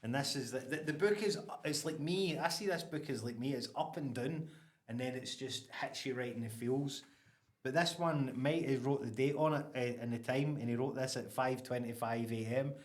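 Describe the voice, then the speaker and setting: A man with an Ayrshire Scottish accent hosting a casual podcast chat, animated and laughing often. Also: medium pitch, moderate pace, reverberant. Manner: animated, laughs often, restarts, Scots words like aye and wee. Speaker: podcast host.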